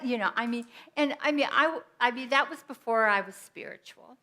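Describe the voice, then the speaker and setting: A middle-aged woman minister giving a sermon, telling personal stories in an animated way with quoted asides. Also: high-pitched, moderate pace, a little hiss or hum.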